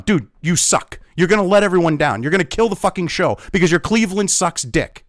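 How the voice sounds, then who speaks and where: A man's voice: high-pitched, big pitch swings, fast, few pauses, no echo, studio quality. A man ranting angrily in a profane commentary video, talking as host.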